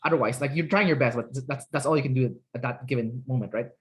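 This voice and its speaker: A man's voice: medium pitch, fast talker. A man hosting an interview as a personality trainer, talking casually with many fillers and tag questions.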